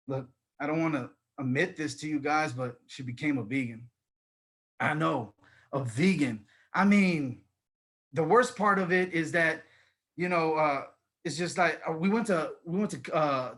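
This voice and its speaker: A middle-aged man working through a stand-up set in a fairly high voice. He tells his stories with lively swings, punching lines up loud, then dropping low and quiet as he plays other people. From Texas. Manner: animated storytelling, swings loud and soft in quoted exchanges. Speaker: stand-up comedian.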